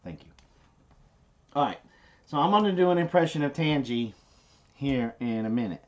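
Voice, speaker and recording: A woman's voice: a bass voice, lively intonation, moderate pace, darkish tone, lo-fi sound. Chatty woman livestreaming. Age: adult, a parent. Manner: chatty, rambling, giggly asides. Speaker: livestream host. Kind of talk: casual live-stream chat.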